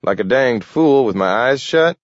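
Man voicing a folksy, excitable old war veteran. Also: mid-range voice, moderate pace, dry recording, highs cut off, pitched above the performer's own voice, close to an everyday voice.

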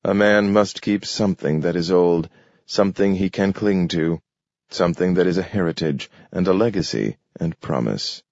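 A man's voice: low voice, a little mellow, dry recording. A man voicing a reflective aging scholar. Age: 50s. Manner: measured, reflective. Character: man nearing sixty, dignified scholar. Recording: dull lo-fi audio.

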